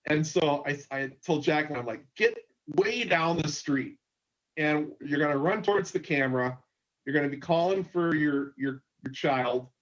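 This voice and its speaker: Guy filmmaker on a con panel telling a shoot story, kinda high voice, dull muffled sound. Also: moderate pace. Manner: animated anecdote, quotes others. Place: convention stage.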